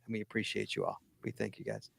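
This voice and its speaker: A middle-aged man, hosting a live podcast and wrapping up the show in a brisk, chatty way. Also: on the low side, completely flat delivery, gravelly, a bit bright, husky. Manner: brisk, chatty, laughs often. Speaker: podcast host.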